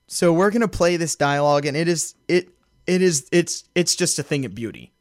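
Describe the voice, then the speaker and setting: A man's voice: on the high side, lively intonation, normal speed, no room sound, clean studio sound. A man hosting a podcast, recapping a wrestling show in casual chat, amused and storytelling with frequent fillers. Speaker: podcast host.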